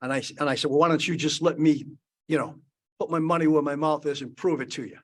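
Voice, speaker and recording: An older man in his seventies speaks with a voice pitched a bit high for a man. He spins a loose, rambling anecdote on a conference panel, doubling back and restarting his sentences as he goes. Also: fairly even intonation, fast. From Boston area. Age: 70s. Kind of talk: storytelling on a panel.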